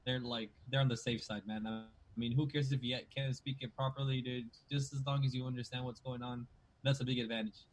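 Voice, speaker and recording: Animated man with Mexican Spanish accent. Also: mid-range voice, brisk. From Tijuana, Mexico. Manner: animated, slangy, says dude and bro a lot. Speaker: guest, sports anchor. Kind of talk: casual chat.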